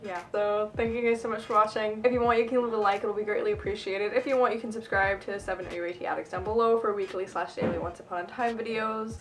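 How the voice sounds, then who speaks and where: A woman's voice: medium pitch, fairly even intonation, quick pace, few pauses, slight background noise. A woman chatting casually on her fan channel vlog in a bubbly, emotional way, laughing often and using lots of fillers. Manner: lots of fillers and self-corrections.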